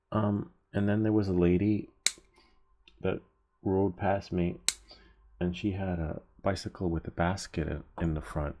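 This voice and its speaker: Male stream host, deep dark husky voice, casual rambling chatter over soldering work. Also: steady tone, measured pace, lo-fi sound. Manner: rambling, chuckling storyteller. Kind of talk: casual chat while soldering.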